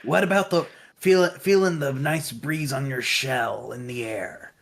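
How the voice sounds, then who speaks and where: A man playing in a tabletop game session, speaking in an excitable, playful way. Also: medium pitch, measured pace, creaky. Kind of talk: casual actual-play chat.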